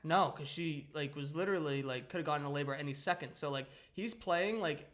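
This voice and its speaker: A man's voice: on the high side, a little fast, fairly bright tone. A young man co-hosting a podcast, talking casually and rambling with many restarts and "like" fillers. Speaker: podcast co-host. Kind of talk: casual chat.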